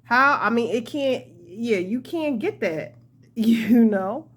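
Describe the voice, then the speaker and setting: A woman's voice: a little high, expressive, slow, slightly rough. A young woman hosting a casual crochet tutorial, chatty and laughing often as she talks to her viewers.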